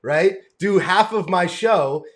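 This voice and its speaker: An American man hosts a relaxed video-call interview with easy, eager friendliness. His voice sits a little higher than most men's. He sounds like he is cheering his guest on. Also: slow pace. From United States. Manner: enthusiastic, friendly, calls the guest brother and man. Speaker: interview host.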